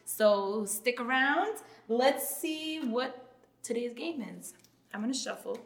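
A woman's voice: a little high, lively intonation, slow pace. A woman hosting a podcast, chatting casually and frankly and laughing often as she interviews her guests. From New York. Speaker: podcast host. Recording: echoey room.

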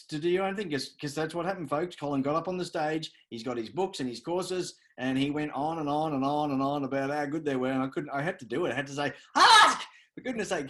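A man, a guest telling stories in a lively, conversational way with repeated words. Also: a little high. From Australia. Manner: animated storyteller, repeats words. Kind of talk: conversational interview.

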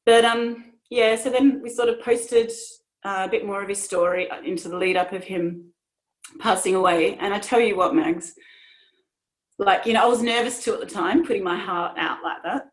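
A woman's voice: medium pitch, fairly even intonation, normal speed. A woman in her thirties speaking earnestly and emotionally about her own experiences, with many restarts. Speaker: podcast guest. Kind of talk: personal conversation.

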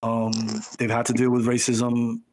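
A man's voice: mid-range voice, monotone, measured pace, a little mellow. A man in a casual podcast chat, arguing his point emphatically and insistently. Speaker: podcast co-host.

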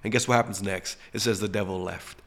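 A man hosting a podcast, giving a reflective spiritual teaching talk that drops to hushed emphasis. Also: lowish voice, fairly even intonation, a little fast. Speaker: podcast host.

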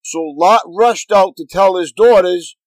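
A pastor reading scripture aloud in a steady, earnest manner. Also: male voice, high voice, measured pace, dry recording, poor audio.

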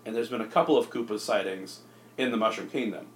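A man co-hosting a casual comedy podcast, rambling through a movie pitch with lots of fillers. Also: fast talker, slight background noise. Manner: rambling, filler-heavy, jumps into silly voices. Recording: echoey room.

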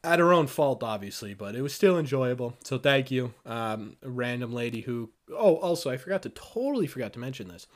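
A man hosting a podcast, telling a story in a casual, animated and profane way and acting out the people in it. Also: mid-range voice, brisk, few pauses. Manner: animated, profane, retells scenes with quoted voices. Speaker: podcast host.

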